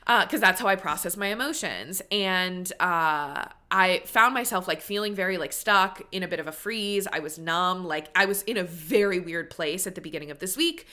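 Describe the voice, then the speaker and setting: A woman's voice: on the low side, sharp tone. A woman hosting a solo podcast, talking listeners through their money feelings in an earnest, encouraging coaching tone. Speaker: podcast host. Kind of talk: solo motivational podcast monologue.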